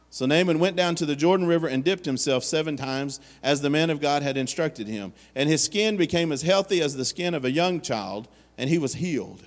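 A man's voice: on the high side, lively intonation, a little fast, few pauses. A man preaching a sermon as pastor, speaking in an earnest storytelling manner and acting out the voices he quotes. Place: church sanctuary. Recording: long hall reverb.

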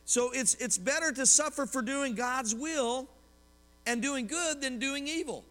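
A man, preaching a lively sermon as a pastor, telling personal stories and asking the congregation questions. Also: very high voice, unhurried. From Oklahoma, US. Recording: long hall reverb.

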